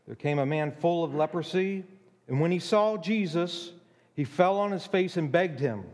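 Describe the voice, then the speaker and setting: A man preaching a sermon, emphatic, with dramatic pauses and acted-out quotes. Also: a little high, darkish tone, long reverb tail.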